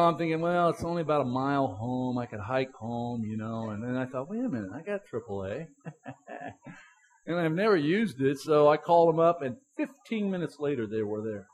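A man's voice: fairly high pitch, rough recording. A middle-aged male pastor giving a sermon, telling a story in a chatty way with chuckles and stressing each word in scripture lists.

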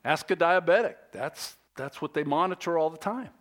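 Preaching man swinging from loud to hushed. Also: a little high, moderate pace. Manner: animated preaching that drops to a hushed, intimate storytelling voice. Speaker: pastor. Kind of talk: sermon.

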